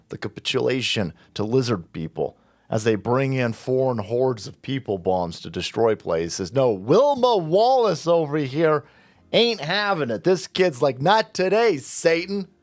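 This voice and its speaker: A man hosting a commentary video, ranting in a sarcastic, mocking way with loud asides. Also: medium pitch, no room sound. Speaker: commentary channel host.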